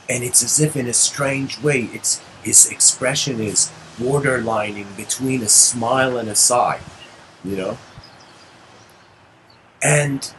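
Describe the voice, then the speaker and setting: A man tells a story in a loose, rambling lecture, full of asides and fillers. His voice sits at an ordinary middle pitch, with a faint hiss of room noise behind it. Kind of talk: casual spoken storytelling lecture.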